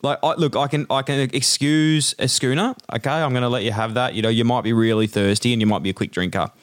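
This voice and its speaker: A man's voice: medium pitch, fast, dry recording. A young Australian man co-hosting a podcast, joking and swearing in casual chat. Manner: animated, jokey, swearing. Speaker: podcast co-host.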